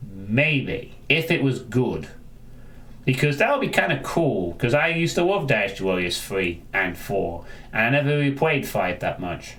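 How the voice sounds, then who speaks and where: A man's voice: medium pitch, big pitch swings, moderate pace, a bit bright, slight background noise. A man chatting casually on a live stream, rambling and answering viewers, often restarting his sentences.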